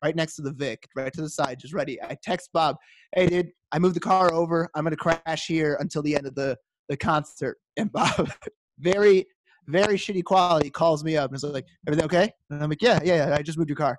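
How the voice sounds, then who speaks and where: Man, podcast co-host, casual storytelling, animated, raised pitch, dry close sound. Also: fairly quick, dry recording. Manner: animated, acts out quoted dialogue.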